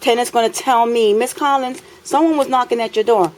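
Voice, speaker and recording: A woman's voice: fairly high pitch, a little fast, poor audio. A woman, filming an impassioned complaint in her apartment, talking indignantly and repeating phrases for emphasis.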